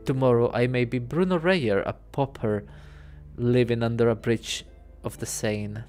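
A man voicing a sly male fox detective who poses as a prince, speaking smoothly, quietly and theatrically. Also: mid-range voice, normal speed, faint music behind, natural voice. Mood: musing.

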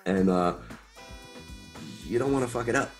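A man's voice: medium pitch, moderate pace, soft background music. Laid-back, chatty man in his fifties. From New York. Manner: relaxed, chatty, uses slang and mild swearing. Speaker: guest musician. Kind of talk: casual storytelling interview.

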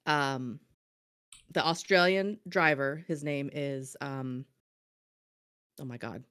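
A woman's voice: sits low, slow, a bit bright, smooth. A woman guesting on a stream talk show, chatting casually in a bubbly, gushing way. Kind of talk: casual chat.

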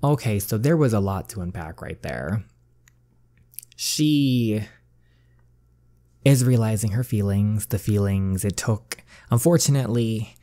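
A man's voice: on the low side, animated, measured pace, pauses often, mellow. A man giving chatty, gushing commentary as he plays through a story game, peppering his talk with "like.". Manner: chatty, gushing, uses "like" a lot. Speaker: gaming channel host. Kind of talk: casual let's-play commentary.

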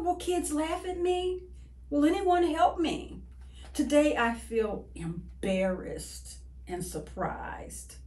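A woman reading a children's picture book aloud in an expressive, sing-song way. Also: high voice. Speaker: children's story reader. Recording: echoey room.

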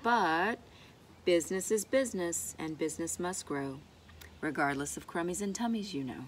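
A woman reading a rhyming picture book aloud in an expressive, rhythmic way. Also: on the low side, moderate pace, slight background noise. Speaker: storybook reader.

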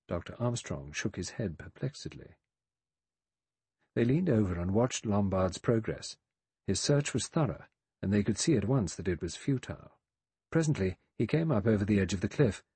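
Audiobook narrator: man, low and husky, dry close read. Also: dry recording. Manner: measured, even storytelling. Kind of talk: scripted narration.

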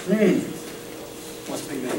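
A man's voice: fairly high pitch, lively intonation, extremely slow, background noise. A man preaching a sermon with fervent conviction, often breaking into laughter between phrases. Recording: echoey room, mic far off.

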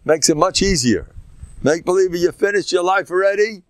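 A man's voice: high-pitched, normal speed, dry recording, clean studio sound. An older man, a rabbi giving an informal Torah talk, folksy and joking, sprinkling Yiddish and Hebrew words and jumping between teaching and banter.

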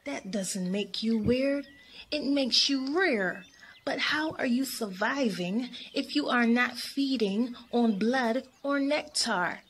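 A woman voicing a flirty, kind male mosquito who talks in a charming, comforting way, at a slow pace. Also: a little high, slight background noise.

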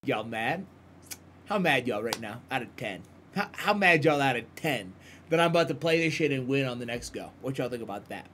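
A man's voice: mid-range voice, sing-song, moderate pace, bright, forceful tone, slight background noise. A man streaming a horror game live, bantering with chat in a hyped, profane, teasing way.

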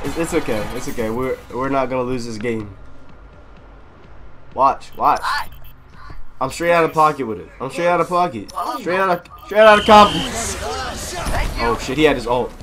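A young man commentating his own gameplay, loud and excitable, yelling and laughing at what happens on screen. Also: mid-range voice, normal speed, pauses often, music in the background. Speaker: gaming YouTuber.

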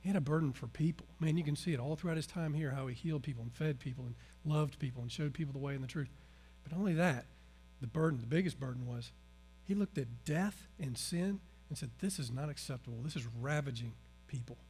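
A man preaching a sermon. He swings between loud emphasis and hushed, earnest passages. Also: on the high side, quick pace. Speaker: pastor.

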